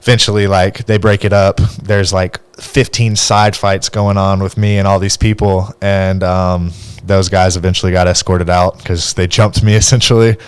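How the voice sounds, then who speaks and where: A man's voice: low-pitched, little pitch movement, moderate pace, few pauses, clear, resonant tone. A young man, a podcast host, telling a story in a casual way and laughing often as he goes.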